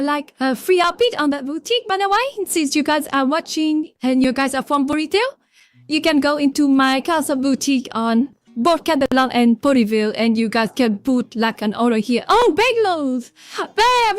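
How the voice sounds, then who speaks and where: A woman with a Vietnamese accent chatting casually on a livestream, rambling and greeting viewers from chat by name. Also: sits high. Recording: faint background music.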